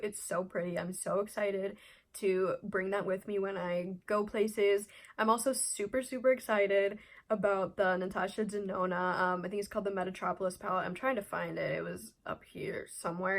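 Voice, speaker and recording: Blunt, chatty young woman vlogging. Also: medium pitch. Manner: blunt, chatty, rambling with many fillers. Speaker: beauty vlogger. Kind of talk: casual opinion vlog.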